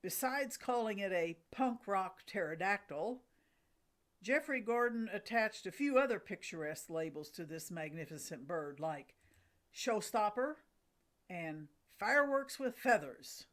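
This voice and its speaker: A woman's voice: medium pitch, animated, measured pace. A middle-aged woman hosting a bird watching channel, giving enthusiastic scripted narration. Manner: enthusiastic, with a light laugh.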